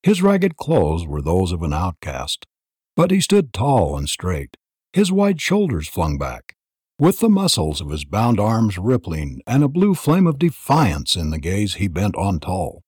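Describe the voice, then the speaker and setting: A man reading an audiobook in a dramatic, expressive narration style. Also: sits low, a little slow, husky, no room sound, studio quality.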